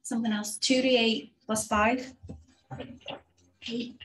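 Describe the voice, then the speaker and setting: A woman's voice: on the high side, level tone, slow, a bit bright. A woman playing in a tabletop game, thinking aloud and hesitating as she adds up her dice. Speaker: player. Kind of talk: casual tabletop game play. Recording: roomy echo.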